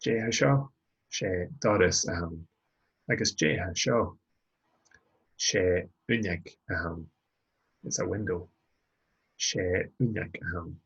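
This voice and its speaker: A low-pitched man with a gravelly, husky voice talks through a recorded language lesson. He speaks slowly and patiently, repeating phrases for learners. The sound is dull and lo-fi. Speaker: language tutor.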